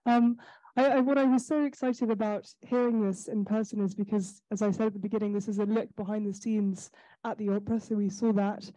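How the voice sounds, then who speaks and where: A woman moderates a public panel and asks her guests questions with eager curiosity. Her voice is very warm and dark. The sound is close and dry. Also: medium pitch, steady tone, brisk, dry recording, rough recording. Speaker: event host.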